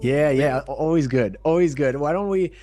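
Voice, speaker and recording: A man's voice: fairly high pitch, moderate pace, mellow, soft background music. A young man hosting a faith-based podcast interview, talking in an earnest, encouraging way. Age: young adult. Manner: earnest, encouraging, preacher-like intro. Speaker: podcast host.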